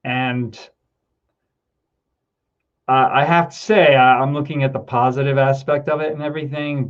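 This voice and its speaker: In lo-fi audio, a middle-aged man reads viewer comments on a casual livestream at an unhurried pace, his medium-pitched voice fairly even and often pausing. He rambles with plenty of ums and turns emotional, teary and laughing between words as he thanks viewers.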